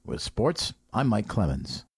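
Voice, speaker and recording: A man reading a sports news segment in measured newsreader style. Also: lowish voice, big pitch swings, gravelly, soft background music. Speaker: sports reporter. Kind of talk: news read.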